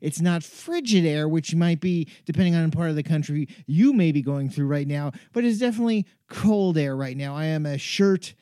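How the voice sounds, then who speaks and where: A man muses aloud in a wry, self-deprecating comic ramble, drifting from one tangent to the next. His voice sits a little high for a man but sounds mellow and soft-edged. The recording is close and dry, with no room sound. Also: lively intonation, normal speed, few pauses, dry recording. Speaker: podcast host. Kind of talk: rambling comedic monologue. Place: cold home garage. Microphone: earphones with mic.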